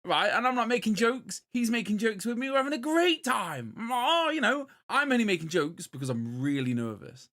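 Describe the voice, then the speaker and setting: A British man in his thirties, a podcast co-host telling a story in a casual chat, moving between loud bursts and muttered asides. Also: high voice, big pitch swings, fairly quick, hardly any pauses.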